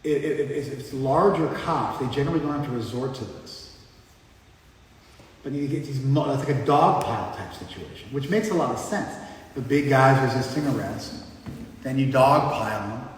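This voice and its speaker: A man's voice: mid-range voice, moderate pace. A man giving an informal class lecture in a conversational, explanatory way, often checking in with his listeners. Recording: echoey hall, mic far off, faint background noise.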